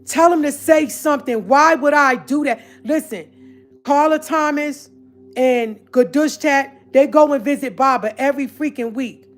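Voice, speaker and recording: Faint music plays behind a high-pitched woman who talks at a moderate pace, addressing her online audience directly. Her casual rant is confrontational and emphatic, and she repeats her points again and again.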